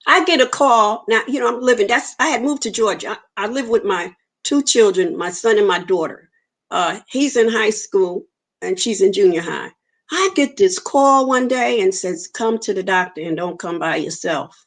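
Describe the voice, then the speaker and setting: A woman's voice: medium pitch, normal speed. A woman, giving an earnest personal testimony in an interview and acting out the dialogue she quotes. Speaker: interview guest.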